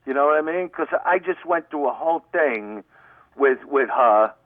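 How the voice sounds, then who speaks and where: A man's voice: medium pitch, animated, normal speed, no room sound. A middle-aged man from Brooklyn with a Brooklyn accent, a comedian talking brashly and rambling through a phone-in radio interview. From Brooklyn, New York. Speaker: guest comedian. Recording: tinny phone line, dry.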